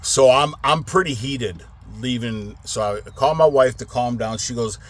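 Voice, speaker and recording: A man's voice: medium pitch, unhurried. A middle-aged man who runs a trucking business, casually telling a long story, rambling and swearing, getting heated as he retells it. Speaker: trucking company owner.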